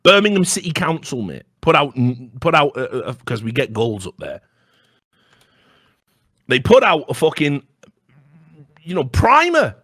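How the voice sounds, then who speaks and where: A man co-hosting a casual comedy chat, telling rambling, profane stories and breaking into sudden high-pitched outbursts. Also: wildly swooping pitch, unhurried, pauses often, a bit bright, dry recording, clean studio sound. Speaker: podcast co-host.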